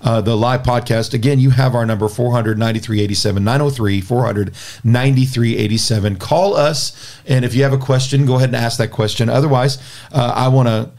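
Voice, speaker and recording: A man's voice: mid-range voice, steady tone, a little fast, a little mellow. A man hosting a Christian podcast from a studio, telling a story in an earnest, plainspoken way and often restarting his words. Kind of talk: casual spoken storytelling and talk.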